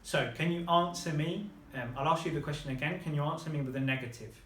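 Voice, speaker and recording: A man's voice: a little high, a bit bright, slight background noise. Encouraging male language teacher, echoey room. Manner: patient, encouraging, models words slowly. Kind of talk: one-on-one language lesson.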